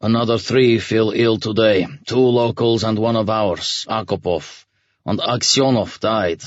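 A man voicing a blunt, hardened middle-aged military commander who speaks flatly and a notch louder than the narration. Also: fairly low pitch, measured pace, no room sound, dull audio, pitched above the performer's own voice. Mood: grim. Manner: flat, matter-of-fact, raised.

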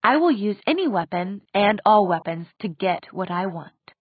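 A woman's voice: medium pitch, very animated, moderate pace, slightly rough, dry recording. A woman voicing an ancient, proud female demon who speaks coldly and commandingly. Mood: scornful. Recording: dry tinny phone-like sound.

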